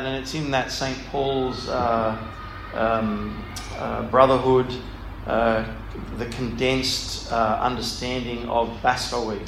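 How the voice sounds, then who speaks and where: In an informal talk, a Bible study speaker reads from scripture and explains it as his thoughts unfold. His voice sits at a medium pitch and rings through an echoey room, with faint noise in the background.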